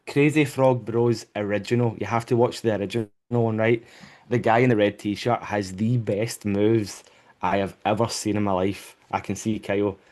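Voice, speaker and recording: A man's voice: on the low side, a little mellow. A man hosting a podcast, chatting casually and enthusiastically, swearing now and then, recorded over a remote call. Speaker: podcast host.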